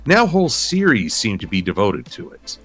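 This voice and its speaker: A man being interviewed about his art, speaking in a measured, thoughtful way with frequent pauses. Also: fairly low pitch, huge pitch swings, over music. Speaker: interview guest, digital artist. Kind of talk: casual chat interview.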